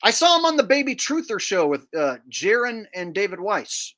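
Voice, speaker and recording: A man's voice: high-pitched, sing-song, moderate pace, a bit bright. A man hosting his own channel and giving a casual commentary rant in a sneering, boastful tone, swearing freely. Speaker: channel host.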